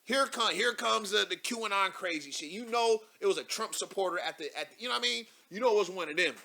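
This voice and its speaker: A young man hosting a live show, giving loud, mocking commentary as he reads posts aloud, laughing and repeating himself. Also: high voice, fast talker, vocal fry.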